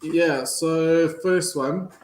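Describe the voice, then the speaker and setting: Guy on a rugby betting panel, kinda halting, echoey room sound. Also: a little high, fairly even intonation. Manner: hesitant, many restarts. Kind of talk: casual panel chat.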